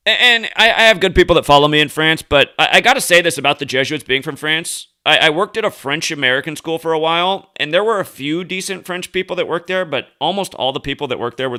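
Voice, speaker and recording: A man's voice: a little high, lively intonation, fast, few pauses, pushed and bright, clean tone. A man hosting a commentary monologue, talking heatedly with profanity and frequent restarts. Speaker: host.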